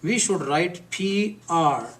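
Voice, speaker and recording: Male professor, slow and deliberate, repeats words for the class, slightly distant mic. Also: high-pitched, lively intonation, fairly bright tone. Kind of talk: live classroom lecture on pronunciation.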